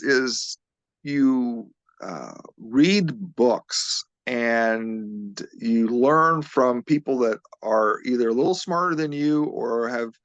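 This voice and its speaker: A man, a physical therapist, being interviewed as a guest and earnestly retelling a witness's story, halting and restarting often. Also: medium pitch, fairly bright tone, dry recording, muffled recording.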